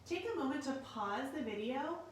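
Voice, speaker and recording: A woman teacher giving a recorded lesson in a slow, clear and patient way. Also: high voice, lively intonation, slight background noise. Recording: very echoey room, mic at a distance.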